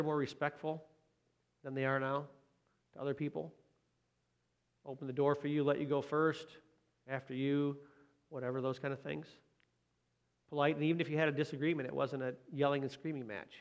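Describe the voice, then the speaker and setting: A man's voice: on the high side, highs cut off. A man preaching a sermon in a conversational way, often asking his listeners questions. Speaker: pastor.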